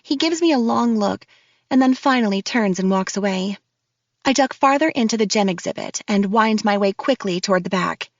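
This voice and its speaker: A woman's voice: mid-range voice, animated, moderate pace, no echo. A woman narrating a first-person audiobook in a nervous, breathless storytelling manner. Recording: dull, dry studio read.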